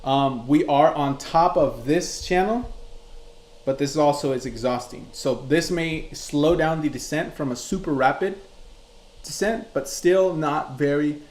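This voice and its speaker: A man's voice: fairly high pitch, a little slow, darkish tone. A man hosting a live crypto chart class, reading chat messages aloud and explaining charts in a loose, conversational way. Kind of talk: live-streamed chart tutorial. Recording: roomy echo.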